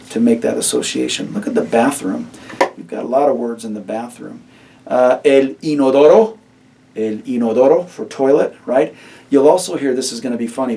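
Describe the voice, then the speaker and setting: A man's voice: mid-range voice, mellow, distant mic. Chatty teacher, a man, slightly off-mic. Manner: encouraging, chatty, asks students questions. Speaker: Spanish teacher. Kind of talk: recorded vocabulary lecture.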